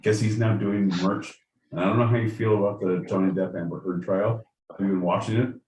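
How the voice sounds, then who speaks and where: A man's voice: lowish voice, fairly even intonation, brisk, darkish tone. A man co-hosting a podcast in casual comedic chat, rambling, profane and jokey. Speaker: podcast co-host. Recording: roomy, distant mic with faint noise.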